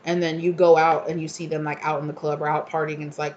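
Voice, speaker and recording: A woman's voice: deep voice, little pitch movement, quick pace, hardly any pauses, a little mellow, muffled recording, slight background noise. A woman giving a casual tarot reading, chatting freely and acting out the people she describes in exasperated voices. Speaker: tarot reader.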